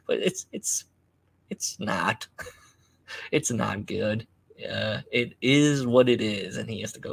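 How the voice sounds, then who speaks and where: Gravelly, low-voiced man telling a wry story. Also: animated, dry recording. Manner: wry, self-deprecating, halting with fillers. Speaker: podcast host. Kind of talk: casual storytelling monologue.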